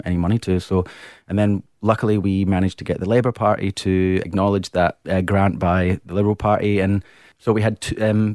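A man's voice: low-pitched, a little mellow, no echo, clean studio sound. An Australian man, a guest on a chat show, telling rambling anecdotes with frequent laughs. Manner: rambling storyteller, laughs often. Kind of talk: casual chat.

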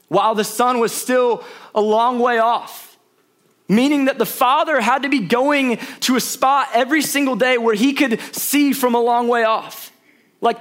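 A young man with a very high voice delivers a sermon. He tells the story in a casual, animated way and jumps into the characters' voices as he goes. His pitch sits far above most men's. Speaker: pastor.

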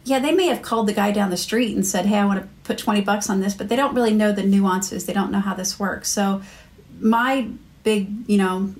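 A woman's voice: medium pitch, brisk. Chatty American woman telling stories. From United States. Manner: chatty storyteller, many fillers and restarts. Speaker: marketing executive guest. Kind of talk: casual podcast interview.

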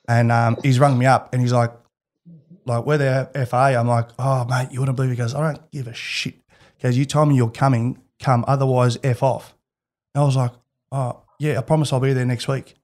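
A man with an Australian accent, a guest in an interview, telling personal stories in a candid, animated way and laughing as he goes. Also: mid-range voice, brisk. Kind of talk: casual storytelling.

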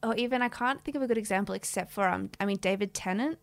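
A woman's voice: medium pitch, fast talker, no room sound. A young woman co-hosting a podcast in casual chat, playful and chatty, who acts out the quotes she tells. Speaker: podcast co-host.

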